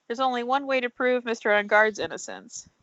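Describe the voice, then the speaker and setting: A woman's voice: a little high, animated, fairly quick, fairly bright tone, lo-fi sound, slight background noise. A woman reading an earnest young male defense lawyer in her own plain voice for a let's-play fan dub.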